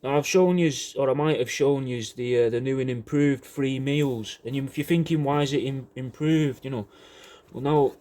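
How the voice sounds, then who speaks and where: A man, rambling through a deadpan sales pitch for his taxidermy art, slangy and swearing, saying "mate" a lot. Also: normal speed. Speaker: taxidermy artist showing his work.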